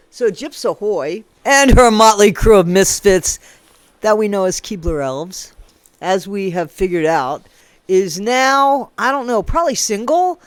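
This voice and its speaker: A woman's voice: mid-range voice, expressive, a little slow, no room sound. A woman giving casual gossip commentary in a playful, rambling way, with sing-song asides. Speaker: commentary vlogger.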